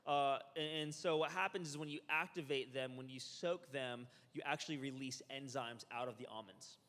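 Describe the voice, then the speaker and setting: A man presenting at a health seminar, lecturing a live audience in an energetic, joking way and quizzing them. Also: mid-range voice, normal speed. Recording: reverberant hall.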